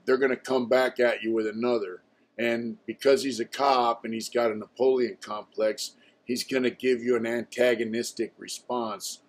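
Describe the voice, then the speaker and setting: An older man with a mid-range voice tells his own story bluntly and casually, swearing now and then and sprinkling "you know" between phrases.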